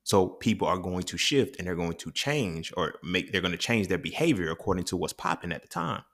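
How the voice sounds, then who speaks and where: Blunt, profane man with a low voice. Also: sing-song, brisk, creaky, fairly bright tone. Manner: blunt, profane, preachy and emphatic. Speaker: podcast host. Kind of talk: solo impromptu podcast monologue.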